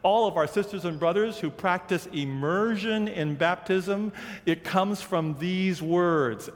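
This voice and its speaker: A man preaching a sermon in a conversational, animated way, slowing down for quoted scripture. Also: high-pitched. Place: large church sanctuary. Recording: long reverb of a big hall.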